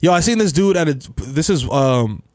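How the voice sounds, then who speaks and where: A man co-hosting a comedy podcast, telling stories in animated street slang. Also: fairly high pitch, moderate pace, no room sound. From the Bronx, New York. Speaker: podcast co-host. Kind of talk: casual comedic podcast banter.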